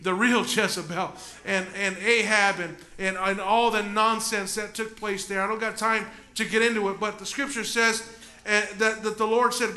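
A man preaching a sermon as pastor in a church, dropping from loud preaching to hushed talk and back. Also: sits high, steady tone, normal speed, echoey room. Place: church sanctuary.

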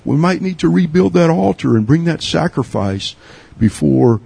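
A middle-aged man from Texas preaching a sermon, earnest, with repeats and restarts, rising high to urge and sinking low and quiet. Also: expressive, normal speed, creaky, slightly rough, no echo. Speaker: pastor.

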